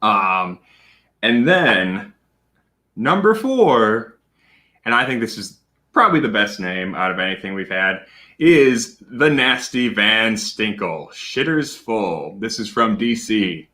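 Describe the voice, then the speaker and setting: A man hosts a casual livestream from a room at home. He talks in a chatty, animated way, full of fillers and shout-outs. His voice is bright and swoops up and down a lot. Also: on the low side, slow. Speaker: livestream host.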